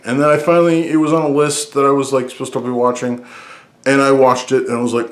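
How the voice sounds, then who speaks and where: A man hosting a casual movie podcast, talking excitedly and rambling with frequent restarts as he counts down his favorite films. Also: mid-range voice, fast talker. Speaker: podcast host. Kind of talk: casual movie-list talk.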